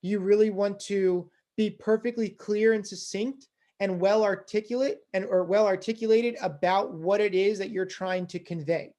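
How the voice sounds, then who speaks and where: A fundraising instructor giving a conversational lecture, with many casual fillers, who gets louder and quicker when excited. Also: mid-range voice.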